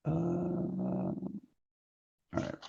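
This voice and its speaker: A man's voice: high-pitched, level tone, extremely slow, creaky, warm tone, breathy edge. A man playing a tabletop game, wry and joking, heard through a dull lo-fi mic. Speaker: player.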